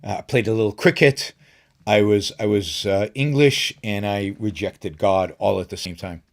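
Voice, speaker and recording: A middle-aged man hosting a live stream, talking casually, rambling with fillers and restarts, and rising in pitch when he makes a point. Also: moderate pace. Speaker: show host.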